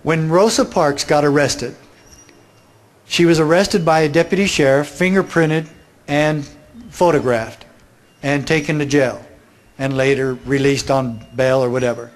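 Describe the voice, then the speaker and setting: A man delivers a political speech with an emphatic, questioning style, turning points toward his audience with rhetorical questions. His voice sits somewhat higher than most men's. He often moves into storytelling to drive an argument home. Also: measured pace. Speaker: speaker.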